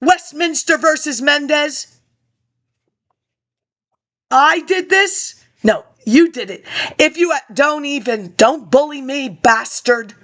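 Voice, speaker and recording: A woman's voice: sits high, animated, slow, pauses often, a bit bright. A woman ranting about politics to an absent audience, confrontational and accusing, jumping from topic to topic.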